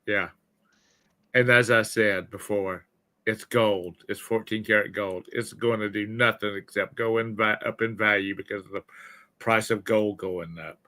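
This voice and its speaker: Man, tired, casual chat, rambling, bright tone. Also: on the low side, fairly even intonation, a little slow. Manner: rambling, self-correcting, yawning. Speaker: co-host of a livestream.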